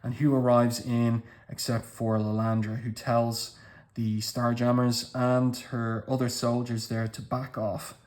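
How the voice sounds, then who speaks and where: A man's voice: mid-range voice, flat delivery, measured pace, a little mellow. A man giving casual commentary as he walks through comic book pages panel by panel, with appreciative remarks.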